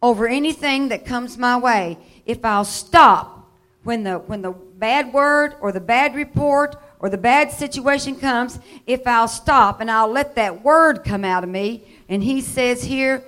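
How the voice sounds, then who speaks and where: Slow-paced woman preaching in church. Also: on the high side. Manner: reads scripture slowly, building to loud call-and-response. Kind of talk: sermon.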